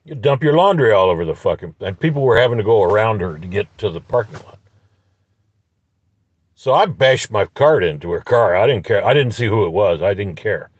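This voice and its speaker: A man's voice: on the low side, lively intonation, a little fast, breathy edge, lo-fi sound. A man telling a story in a profane, angry, rambling rant from inside a parked car. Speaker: vlogger. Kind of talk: ranting storytelling vlog.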